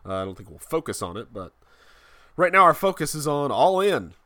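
A man hosting a casual wrestling podcast, rambling and halting with frequent restarts. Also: a little high, sing-song, pushed and bright, no echo, studio quality. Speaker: podcast host.

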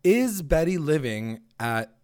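A man's voice: on the high side, very animated, takes it slowly, darkish tone. Laid-back young-sounding man chatting casually. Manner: laid-back, heavy use of "like", swears freely. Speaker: podcast co-host recapping a TV episode. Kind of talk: casual chat.

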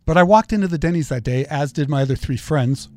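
A man's voice: on the high side, fast talker, no echo, studio quality. A middle-aged man hosting a solo political commentary show, talking in an opinionated, conversational way and telling stories.

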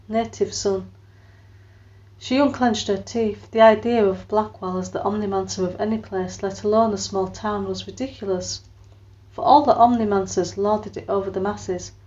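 An audiobook narrator with a medium-pitched voice reads a story expressively, performing scripted narration with character voices and lifting her voice for quoted lines. The highs are cut off.

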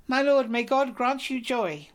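A woman's voice: high-pitched, lively intonation, a little slow, pitched above the performer's own voice. A woman reading a solemn wounded knight. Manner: formal, solemn storytelling. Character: grateful wounded male knight, formal. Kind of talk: audiobook reading of a medieval romance.

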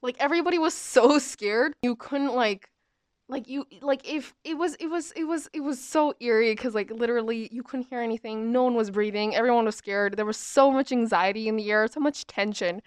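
A woman's voice: a little high, a little fast, smooth, no echo, studio quality. A young woman in her twenties telling a school story in casual chat, with lots of filler words and restarts. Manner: chatty, full of "like" fillers and restarts.

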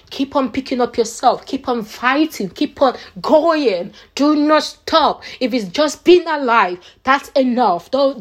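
A woman vlogger giving her viewers an earnest, faith-filled pep talk, emphatic and repetitive, often restarting her phrases. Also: fairly high pitch.

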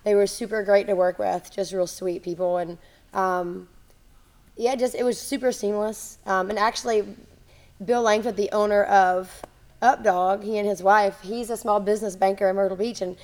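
An enthusiastic woman chats as a podcast guest. She runs a gym and talks quickly in bursts, restarting her sentences often. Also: mid-range voice, steady tone, darkish tone. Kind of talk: casual podcast interview.

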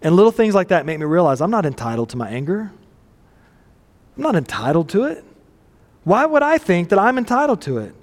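High-voiced man preaching in a reverberant hall. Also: sing-song, fairly quick, long pauses. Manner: conversational, self-deprecating, asks the audience questions. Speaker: pastor. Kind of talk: sermon.

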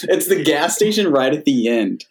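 A man co-hosting a podcast, talking casually and relaxed, often just listening with quiet "mm"s. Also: a little high, moderate pace. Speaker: podcast co-host. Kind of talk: casual chat.

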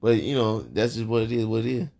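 A man's voice: fairly low pitch, expressive, fast talker, vocal fry, warm tone. A man in casual, profane conversation who rambles and repeats himself. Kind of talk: casual chat.

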